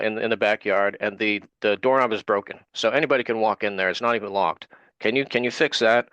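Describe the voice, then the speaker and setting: A man's voice: on the low side, fairly bright tone, dry recording. A man, an interview guest telling a personal story in casual talk and acting out what others said. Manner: retells events with quoted dialogue.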